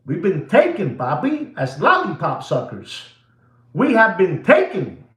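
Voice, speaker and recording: A watch-channel host, this man talks a little slowly in a voice that sits high. His rant to viewers is excitable and theatrical, sprinkled with Spanish asides, and it echoes around the room.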